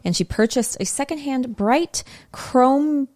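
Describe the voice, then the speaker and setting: A woman's voice: high voice, measured pace, a little mellow. A woman hosting a podcast, telling a history story in a casual, chatty way with side remarks.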